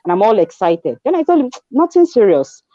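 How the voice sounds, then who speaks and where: Twenties, Nigerian accent, mellow tone, expressive storyteller who slips into pidgin, dry close recording. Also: female voice, fairly high pitch, fairly quick, dry recording, muffled recording. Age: 20s. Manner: animated storyteller, acts out dialogue, mixes in pidgin. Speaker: guest. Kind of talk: conversational testimony.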